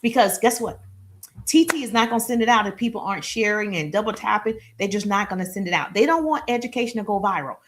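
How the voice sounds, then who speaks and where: A middle-aged woman, a sales and marketing business coach, giving an energetic live-streamed coaching talk that often acts out little dialogues. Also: quick pace, a little hiss or hum. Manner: energetic, repetitive, acts out little dialogues with high-pitched voices.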